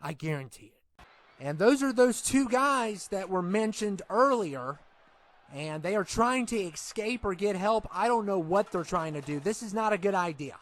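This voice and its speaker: A man giving excitable, rambling commentary on a wrestling video game. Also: high-pitched, normal speed.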